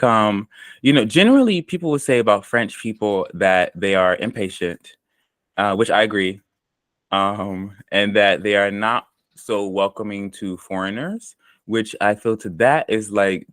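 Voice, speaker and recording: An American man telling stories about his experiences in a relaxed, rambling interview manner, full of ums and likes. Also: lowish voice, moderate pace, no echo. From United States. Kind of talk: casual conversational storytelling.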